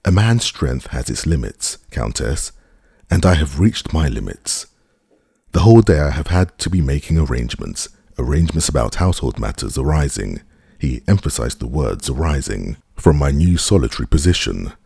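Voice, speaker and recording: A man's voice: rumbling low, very animated, moderate pace, gravelly, warm tone, husky, dry recording, clean studio sound, exaggerated voice. A man voicing a stiff, self-pitying grieving official with a thin voice and formal speech. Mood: strained.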